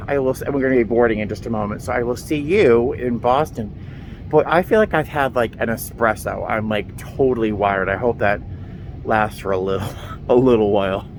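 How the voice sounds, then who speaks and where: A man chatting excitedly to his phone camera in a casual travel vlog, self-deprecating and talkative. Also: medium pitch, a little hiss or hum. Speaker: flight attendant vlogger.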